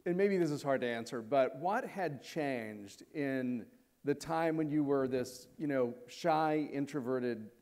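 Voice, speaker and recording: Man interviewing onstage, halting questions. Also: medium pitch, darkish tone. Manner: searching questions with restarts. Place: live event stage.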